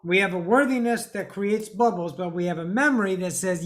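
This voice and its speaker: A woman talks through a spiritual monologue in a blunt, preachy way, with swearing mixed in. She slows down and leans on key words to drive a point home, like a teacher addressing her followers. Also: medium pitch. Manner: emphatic, drawn-out stresses.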